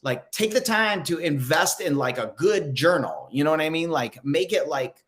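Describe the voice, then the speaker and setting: A man's voice: fairly high pitch, expressive, normal speed, a bit bright. A man hosting a spiritual direction livestream in casual chat, reading viewer comments aloud with many fillers and upbeat encouragement.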